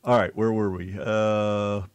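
A man's voice: lowish voice, slow pace, smooth, no echo. A man with an American accent co-hosting an online radio show, telling crude jokes in casual banter. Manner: joking, crude, animated.

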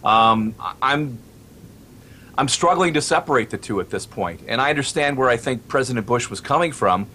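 A man who heads a radio station, speaking as a talk show guest in a measured, deliberate way. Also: mid-range voice, expressive, pushed and bright, slight background noise.

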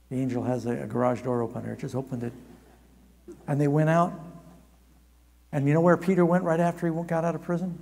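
A man preaching a storytelling sermon at a camp meeting, animated and humorous with quick asides, in a large hall. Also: medium pitch, husky. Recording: long reverb of a large hall.

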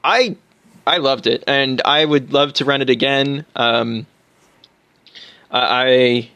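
Guy cohosting a game podcast, rambly and excited, dry close mic. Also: mid-range voice, takes it slowly, dry recording. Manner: enthusiastic, rambling with fillers and restarts. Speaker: podcast co-host. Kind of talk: casual podcast chat about tabletop games.

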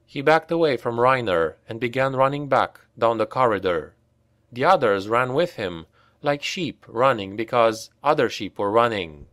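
A man narrating an audiobook in a measured, expressive way. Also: medium pitch, no room sound, studio quality.

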